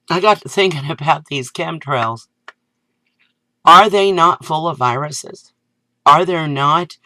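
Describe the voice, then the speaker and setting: A woman vlogger delivering an indignant, sarcastic rant that climbs into loud exasperation. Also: a bass voice, dry recording. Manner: sarcastic asides. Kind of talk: ranting video commentary.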